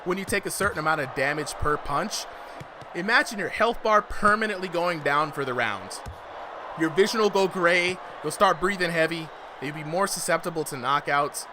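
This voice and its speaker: A man's voice: fairly high pitch, normal speed. Hype-driven slangy fight commentator man. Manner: hype-driven, slangy, repeats "you know what I'm saying". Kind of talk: live esports-style fight commentary. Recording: noisy livestream audio.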